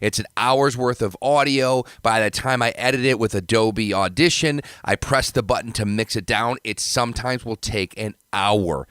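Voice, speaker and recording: A man's voice: medium pitch, normal speed, few pauses, a bit bright, smooth, dry recording, clean studio sound. A man hosting a podcast in casual chat, rambling and self-deprecating while he eats and talks. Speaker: podcast host.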